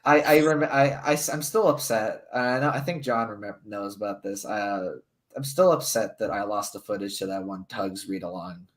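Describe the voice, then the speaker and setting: A man on a voice call telling a story in a halting way, full of fillers and restarts. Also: on the low side. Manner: hesitant, lots of fillers and restarts. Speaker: guest on a live stream. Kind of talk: casual chat.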